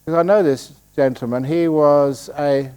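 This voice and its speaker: A man's voice: a little high, steady tone, a little slow, darkish tone, clean tone. Joking older Englishman teaching meditation. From England. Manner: joking, storytelling, acts out quoted voices. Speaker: Buddhist meditation teacher answering questions. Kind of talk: humorous Q&A talk at a retreat. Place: meditation hall.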